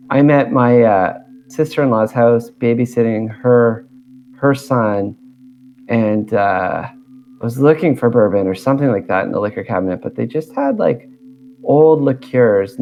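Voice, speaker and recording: A man's voice: mid-range voice, a little slow, a little hiss or hum. Man, podcast co-host, easygoing, chatty, muffled lo-fi recording. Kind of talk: casual chat. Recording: dull lo-fi sound.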